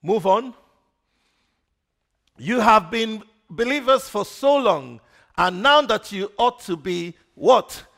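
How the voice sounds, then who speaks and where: A male preacher with a gravelly edge to his fairly high voice. He takes his time, drawing each answer out of the congregation with a question. His delivery swings between loud emphasis and quiet asides. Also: animated, slow pace, pauses often. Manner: call-and-response questions to the congregation. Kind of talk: sermon.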